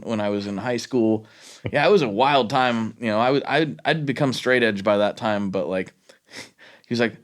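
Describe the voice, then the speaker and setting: A man's voice: lowish voice, moderate pace. Laid-back man in podcast chat. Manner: laid-back, frequent affirmations, animated when retelling. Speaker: podcast co-host.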